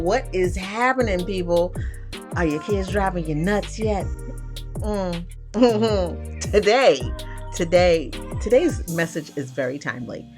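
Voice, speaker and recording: A woman hosting a live stream, chatty and bubbly, who greets viewers with casual slang. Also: fairly low pitch. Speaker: livestream host and brand coach. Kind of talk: upbeat live-stream chat.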